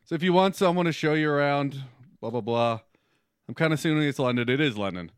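A man co-hosting a comedy podcast who reads a listener email aloud, with wry, deadpan jokes and frequent laughter. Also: on the high side, fast, clean tone, no echo, clean studio sound. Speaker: podcast co-host. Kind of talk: crude comedic banter, reading listener email.

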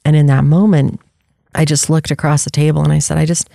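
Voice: mid-range voice, flat delivery, a little fast, vocal fry, dark tone, dry recording, studio quality. A podcast host talking candidly and reflectively about personal experience, often restarting sentences while searching for words.

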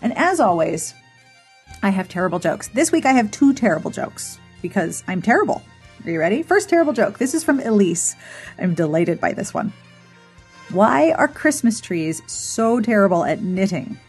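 A woman hosting a podcast, talking casually and playfully as she wraps up the episode. Her voice is a little breathy, and soft music plays quietly behind her. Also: mid-range voice, sing-song, normal speed. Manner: chatty and playful, giggles at her own jokes. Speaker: podcast host.

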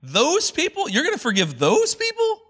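A high-strung, dramatic prophet whines loudly in complaint, his voice climbing high and sounding bright and sharp, as a man puts him on. The complaining is exasperated and indignant. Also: wildly swooping pitch, moderate pace, full character voice. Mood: indignant whining.

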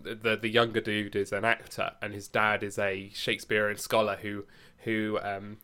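A man co-hosting a casual chat, chatty and quick to laugh, with many restarts. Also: fairly low pitch, completely flat delivery, pushed and bright, clean tone.

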